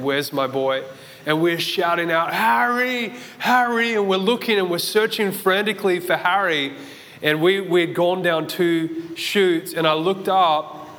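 An Australian man in his thirties preaches from a church stage. His voice sits slightly high for a man, and he tells his story vividly, voicing his own shouts and thoughts. The sound carries a long reverb from the hall. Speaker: pastor. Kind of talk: sermon with personal story. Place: church auditorium.

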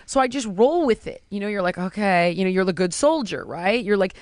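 A woman in casual chat, telling stories in an animated way and acting out what people said. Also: medium pitch, fairly quick, no echo, clean studio sound. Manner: animated storytelling, acting out quotes.

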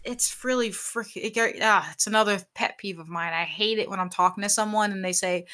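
A young woman in casual chat, talking about streaming with clear diction and animated, exasperated rants. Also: medium pitch, brisk, hardly any pauses. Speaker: aspiring streamer.

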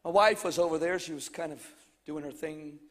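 A man preaching a revival sermon as a missionary, telling a personal testimony and shouting fervent declarations. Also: on the high side, normal speed, big-room sound. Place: church sanctuary.

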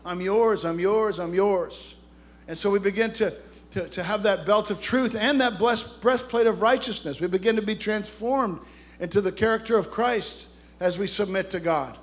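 Man, pastor, sermon, emphatic and rousing, high voice. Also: normal speed. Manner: emphatic, rousing, calls out to the congregation.

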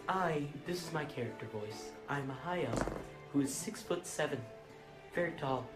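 A man voicing a very tall, gloomy and pompous male high-elf wizard in a tabletop game role-play. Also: expressive, moderate pace, close to an everyday voice. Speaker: player. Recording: echoey room, music behind.

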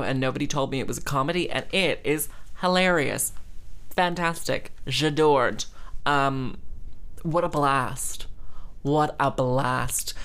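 A woman hosting her own show, talking in a rambling, self-deprecating way and laughing often. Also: low voice. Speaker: podcast host. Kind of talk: casual solo monologue.

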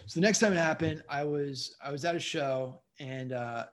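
A man's voice: fairly high pitch, normal speed. A man who is a comedian, a guest on a casual interview, telling rambling stories and often asking "you know what I mean".

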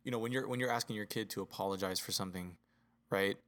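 Low-voiced dad in casual talk. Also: male voice, fast. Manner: earnest, relaxed, says "you know" a lot. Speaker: podcast co-host, father. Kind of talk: casual chat.

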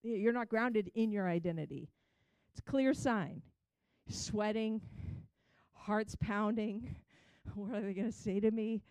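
A woman's voice: medium pitch, moderate pace, a little mellow, clean tone, no room sound, rough recording. A woman sharing a candid personal testimony, telling her story with frequent restarts and acting out the quotes.

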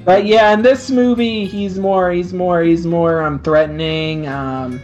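A man's voice: high-pitched, fairly even intonation, a little slow, darkish tone. A man co-hosting a casual podcast, hesitant and full of fillers. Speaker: podcast co-host. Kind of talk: casual chat. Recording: dull lo-fi recording with faint music.

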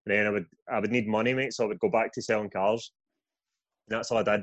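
A young Scottish man, a guest author, telling his story in a sweary, animated podcast chat. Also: on the low side, fast, no echo, highs cut off. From Scotland.

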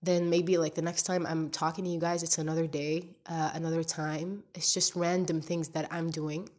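A woman's voice: deep voice, level tone, moderate pace, a little mellow. A young woman in her twenties, English not her first language, with a stuffy nose from crying, talking candidly in a rambling podcast-style video diary and searching for words. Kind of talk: casual confessional video diary.

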